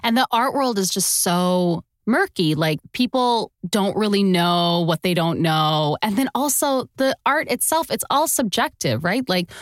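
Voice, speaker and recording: A woman's voice: lowish voice, no echo, clean studio sound. A woman co-hosting a podcast in casual chat, conversational with wry asides. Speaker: podcast co-host.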